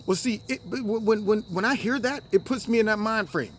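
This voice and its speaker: A man hosting a solo political commentary show, talking in an animated way and acting out other people with high, exaggerated voices. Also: normal speed, a little hiss or hum.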